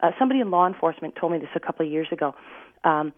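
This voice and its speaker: A woman dog trainer giving advice on a radio call-in show, talking energetically and slipping into quick acted voices. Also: low voice, dry recording. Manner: energetic, acts out owners and dogs in quick voices. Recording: dry phone-line sound.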